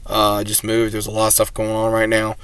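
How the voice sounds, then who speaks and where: A man's voice: on the low side, completely flat delivery, fairly quick, a bit bright, clear, resonant tone, no echo. A man reviewing an anime episode, retelling it in a rambling, casual way with many fillers.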